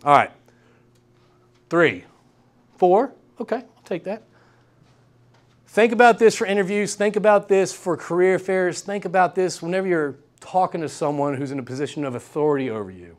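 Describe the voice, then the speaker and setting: Young guy lecturing a class, kinda high voice, pumped, keeps asking "all right?". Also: moderate pace, pauses often. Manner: energetic, repeats key points and checks in with "all right?". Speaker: guest lecturer. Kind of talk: university workshop talk. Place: lecture room.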